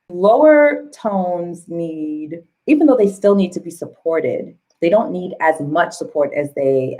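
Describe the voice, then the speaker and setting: A woman's voice: low voice, warm tone, poor audio. A woman vocal coach with a Southern US accent, chatting casually on a livestream, laughing often and breaking into song now and then.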